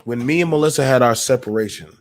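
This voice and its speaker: A man hosting a casual call-in podcast, telling personal stories in a lively, preachy way with slang. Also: medium pitch, fast. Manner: animated, preachy storytelling with slang. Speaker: podcast host.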